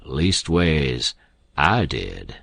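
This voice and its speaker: A man's voice: extremely low pitch, big pitch swings, a little slow, slightly rough, dry recording, exaggerated voice. A man voicing an older male swindler who drawls and wheedles. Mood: sly.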